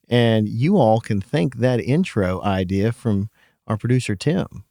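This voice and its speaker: A man's voice: lowish voice, animated, measured pace, creaky, mellow, no echo, faint music behind. A man co-hosting a podcast in casual chat, talking with a slight lisp, laughing often and restarting his sentences. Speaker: podcast co-host.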